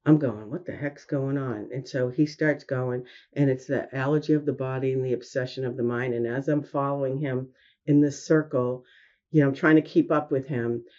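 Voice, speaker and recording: Woman, mother, interview guest, earnest storytelling, mellow tone, muffled lo-fi sound. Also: very deep voice, moderate pace. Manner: earnest, animated retelling with quoted dialogue. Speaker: guest, parent of a son with addiction.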